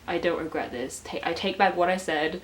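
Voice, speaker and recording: A woman's voice: lowish voice, fairly quick, poor audio. A 19-year-old woman chatting casually as a book vlogger, gushing and self-mocking, with lots of filler words. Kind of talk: casual chat. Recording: faint hiss.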